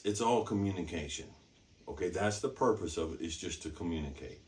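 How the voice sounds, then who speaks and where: A man's voice: low voice, a little mellow. A man teaching horsemanship in an emphatic, repetitive way, often checking in with "okay?" and "all right?". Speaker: horsemanship instructor. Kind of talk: teaching demonstration. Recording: distant mic.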